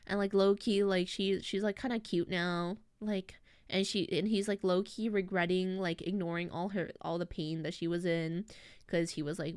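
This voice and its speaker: A woman's voice: medium pitch, normal speed, a little mellow, clear, resonant tone, no room sound, clean studio sound. A young woman streaming, casually recapping a story in a rambling, slangy way full of fillers and restarts. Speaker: VTuber streamer.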